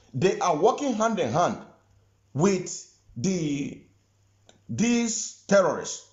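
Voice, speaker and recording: Emphatic man, high lively voice. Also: echoey room, dull audio. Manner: emphatic, repeats phrases, fires rhetorical questions. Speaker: political commentator. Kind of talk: live-stream commentary.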